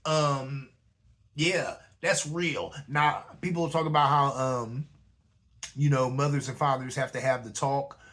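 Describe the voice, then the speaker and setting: A man's voice: medium pitch, unhurried, fairly bright tone. A man hosting his own talk show, speaking in a loose conversational way and often asking "you know what I'm saying?". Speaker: host. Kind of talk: casual commentary monologue.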